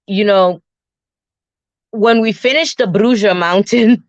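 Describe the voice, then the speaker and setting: A woman casually telling a personal travel story, animated, often restarting and acting out her own and her friend's words. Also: fairly high pitch, slow pace, no echo. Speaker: guest storyteller. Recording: dull, dry lo-fi sound.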